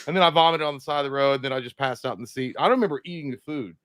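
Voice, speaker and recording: Profane, animated man telling stories. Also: on the high side, very fast, hardly any pauses. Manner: profane, animated, acts out quotes. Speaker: podcast co-host. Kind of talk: casual chat, storytelling.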